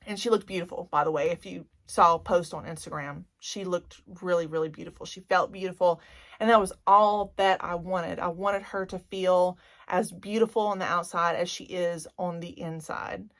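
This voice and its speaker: A woman's voice: lowish voice, steady tone, moderate pace. A woman in her forties with a Cajun Louisiana accent, chatting candidly and gushing emotionally as a beauty vlogger. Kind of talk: candid vlog chat.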